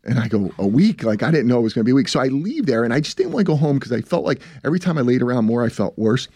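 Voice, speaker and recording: A man's voice: mid-range voice, lively intonation, racing, darkish tone, dry recording, clean studio sound. A man, a business founder telling his story in a casual interview, rambling and repeating himself as he acts out what others said.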